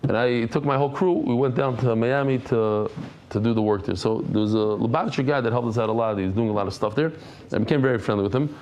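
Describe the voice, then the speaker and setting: A middle-aged man teaching a Talmud class, telling stories in a casual, animated way and sprinkling in Yiddish and Hebrew terms. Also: mid-range voice, quick pace, dull audio, a little hiss or hum. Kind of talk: casual storytelling lesson.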